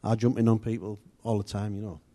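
A man's voice: fairly low pitch, little pitch movement, quick pace, mellow. Chatty man leading a church session. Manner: chatty, rambling, conversational with filler and restarts. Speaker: church leader. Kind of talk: informal church teaching.

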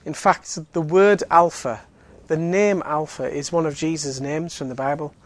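A man's voice: a little high, fairly even intonation, normal speed, slight background noise. A man giving an evangelistic talk in a chatty style, full of fillers and joking asides. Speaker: Alpha course speaker.

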